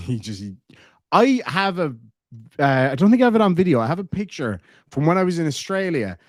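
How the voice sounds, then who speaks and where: A man's voice: on the high side, very animated, a little fast, no room sound. Irish man, casual streamer, rambling and swearing, dry close mic. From Ireland. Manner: rambling storyteller, swears freely. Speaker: streamer reading chat. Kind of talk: casual chat.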